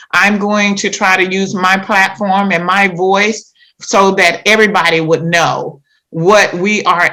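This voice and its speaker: Slow, earnest woman podcast host. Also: medium pitch, pushed and bright, rough recording. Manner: earnest, measured, compassionate. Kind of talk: slow, earnest appeal and interview.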